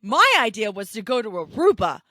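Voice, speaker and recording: A woman co-hosting a podcast, telling travel stories in animated, casual chat with laughs. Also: medium pitch, fairly quick, no echo. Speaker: podcast co-host.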